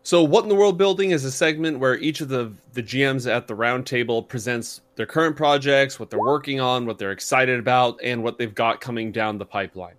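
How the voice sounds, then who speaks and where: A man hosting a casual panel chat, relaxed and quick to laugh. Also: mid-range voice.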